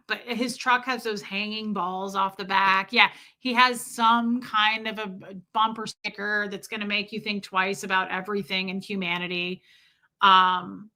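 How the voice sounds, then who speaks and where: A woman hosting a casual livestream, reading out viewer comments and telling stories in a profane, animated way. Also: mid-range voice, moderate pace. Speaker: livestream host.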